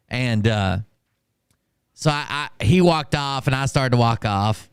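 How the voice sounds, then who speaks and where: A man casually telling a story on a stream, ranting in a profane and animated way. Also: medium pitch, unhurried, clear, resonant tone, no echo, studio quality. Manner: profane, animated, full of fillers and restarts.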